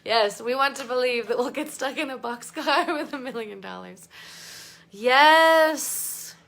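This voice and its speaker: A woman's voice: fairly high pitch, normal speed, vocal fry, fairly bright tone. A woman coaching a live online workshop, bubbly and effusive, reading out viewers' comments and laughing often. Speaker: life coach.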